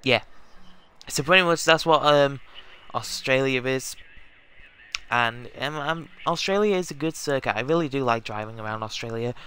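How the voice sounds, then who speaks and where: Bright, clear-voiced male game streamer. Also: mid-range voice, normal speed. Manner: rambling, self-correcting, talks to viewers. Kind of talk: casual live-stream chat.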